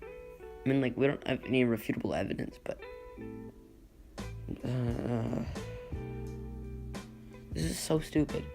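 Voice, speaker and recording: A man's voice: medium pitch, slow, creaky, pauses often. A man giving casual comedic commentary, sarcastic and incredulous, laughing at his own jokes. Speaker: YouTuber reading and mocking Reddit posts. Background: guitar music.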